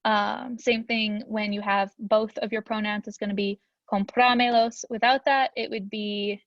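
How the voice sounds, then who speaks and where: A woman's voice: mid-range voice, fairly even intonation, normal speed, no room sound, dull audio. A young woman teaching a Spanish grammar lesson in a chatty, upbeat way, with frequent ums.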